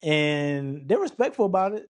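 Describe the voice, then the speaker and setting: A man's voice: a little high, normal speed. A man co-hosting a casual film review chat, telling stories animatedly and acting out lines. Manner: animated storyteller, recounts scenes and mimics lines. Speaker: podcast co-host reviewing a film.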